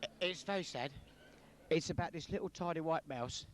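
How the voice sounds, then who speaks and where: A man telling crude jokes in a pub, animated and laughing at his own lines. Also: fairly high pitch, moderate pace, slight background noise. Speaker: joke teller.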